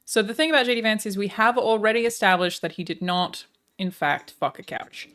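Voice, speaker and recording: A woman streamer chatting live with her viewers in a sarcastic, deadpan, profane way. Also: mid-range voice, fairly quick.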